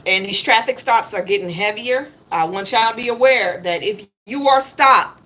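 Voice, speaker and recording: With a slightly high, bright voice and a forceful tone, a woman in her thirties rants bluntly on her political livestream at a moderate pace. She speaks African American English, swears, and repeats herself, with some hiss or hum audible.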